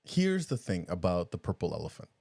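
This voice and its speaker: Male podcast co-host, low voice, animated and rambling, laughs a lot; dry studio sound. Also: fairly quick, creaky, dry recording. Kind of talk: casual chat.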